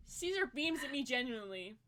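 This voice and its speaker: A woman's voice: sits high, slight background noise. A woman streamer reading fanfic narration aloud, giggling and breaking off into joking asides.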